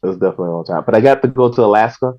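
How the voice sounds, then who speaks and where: A male comedian guest chatting casually on a podcast, laughing often and trailing off in a relaxed way. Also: lowish voice, racing. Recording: dull lo-fi sound.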